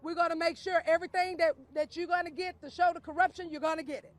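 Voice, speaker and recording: High-voiced man leading a rally. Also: fairly even intonation, quick pace, a bit bright. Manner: leads chants, emphatic. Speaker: activist rally leader. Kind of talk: protest rally speech.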